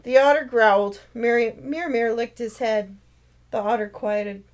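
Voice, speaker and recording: A woman author narrating her own novel in a steady, expressive read-aloud. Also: on the high side, unhurried, poor audio. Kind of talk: storytelling narration.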